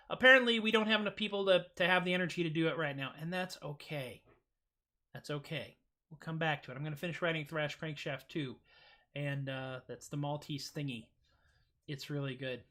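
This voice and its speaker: A middle-aged man signs off his own livestream in a loose, rambling way. He jokes, trails off and fills gaps with ums and uhs. His voice is bright and forward. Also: a little high. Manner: rambling and jokey, with fillers. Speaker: livestream host. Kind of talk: casual livestream sign-off.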